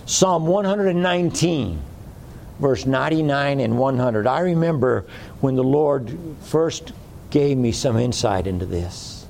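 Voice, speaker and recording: A man's voice: mid-range voice, lively intonation, a little slow, gravelly, darkish tone, a little hiss or hum. A man preaching a sermon in a folksy way, repeating phrases for emphasis.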